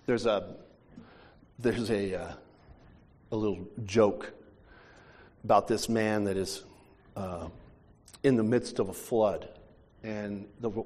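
A male pastor preaching a sermon, telling stories with animated restarts, in a church hall. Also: lowish voice, a little slow, pauses often. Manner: animated storytelling with repeated restarts. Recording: long church hall reverb.

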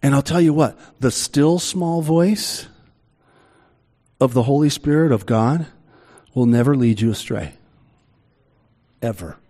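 Slow, unhurried male preacher. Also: medium pitch, warm tone. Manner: conversational preaching with slow emphatic pauses. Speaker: pastor. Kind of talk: sermon.

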